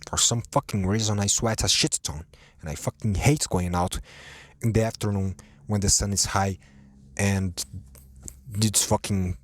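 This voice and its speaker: Low-voiced man rambling on a podcast. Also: a little slow, pauses often, no room sound. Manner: rambling and profane, self-deprecating. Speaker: podcast host. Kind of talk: casual solo podcast monologue. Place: home, at his computer.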